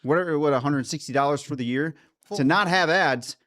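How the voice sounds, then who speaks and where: A man's voice: on the high side, a little fast, a bit bright. A man co-hosting a live podcast stream, ranting bluntly with plenty of swearing. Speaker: podcast co-host. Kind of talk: casual live-stream chat.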